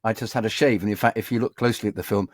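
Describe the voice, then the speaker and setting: A lower-pitched older man chats as an interview guest, telling his stories with a comic, animated flair and slipping into little voices. The sound is dry and close, with no room around it. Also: very fast, no room sound. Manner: animated anecdotes, acting out voices and directors. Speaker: voice actor guest. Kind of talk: storytelling interview chat.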